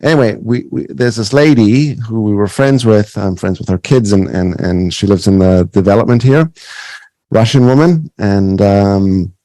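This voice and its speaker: A man's voice: lowish voice, moderate pace, dark tone, no room sound, poor audio. A man in his thirties hosting a podcast interview, telling stories with many restarts and repeated words. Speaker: podcast host. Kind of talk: conversational interview.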